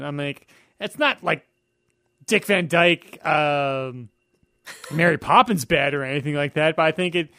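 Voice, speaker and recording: A man's voice: on the high side, measured pace, sharp tone, no room sound, clean studio sound. Young man retelling movie scenes. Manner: retells scenes, acting out lines. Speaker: podcast guest. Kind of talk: casual movie podcast chat.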